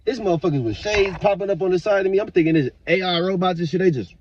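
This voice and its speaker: Man, vlog monologue, fairly high husky voice, dull lo-fi sound, profane rambling rant. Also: fast. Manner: profane, rambling rant with sudden loud bursts. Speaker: vlogger. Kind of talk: casual monologue to camera.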